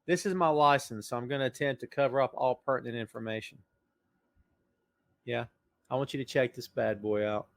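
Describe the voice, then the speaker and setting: A man's voice: mid-range voice, steady tone, brisk, creaky, pauses often, no room sound, studio quality. A man hosting a casual podcast livestream, joking around and greeting viewers in the chat by name. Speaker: podcast host.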